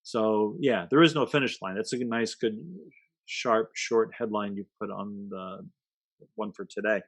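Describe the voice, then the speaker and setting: A man's voice: on the low side, steady tone, a little slow, no room sound. A man, a guest in a conversation, talking reflectively in a playful, emphatic way and dropping short aphorisms.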